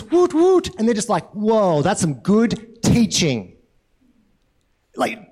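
A man with a fairly high voice gives a sermon in an easygoing, talky manner. He keeps putting questions to the congregation and tags his points with a quick "right?". The delivery sounds like a chat more than a formal address. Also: darkish tone. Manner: conversational, asks the congregation questions, frequent tag "right?". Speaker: pastor.

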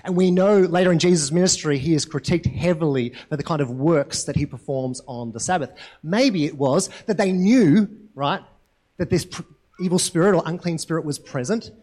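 A man preaching a sermon in a relaxed, conversational way who keeps checking in with his listeners by asking "right?". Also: fairly high pitch, moderate pace. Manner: conversational, asks the congregation questions, frequent tag "right?". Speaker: pastor.

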